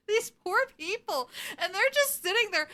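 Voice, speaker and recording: A young adult woman co-hosting a podcast and recapping a TV episode in a casual, animated way, laughing often and swearing freely. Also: extremely high pitch. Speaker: podcast co-host.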